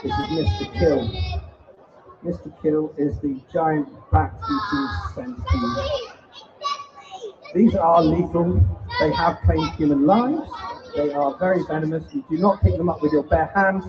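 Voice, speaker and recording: A man's voice: fairly high pitch, very animated, measured pace. A man presenting invertebrates to a family audience at a live show, joking and teasing the children theatrically. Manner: jokey, theatrical showman teasing the kids. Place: event hall before an audience. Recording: distant, dull live-stream sound with faint noise.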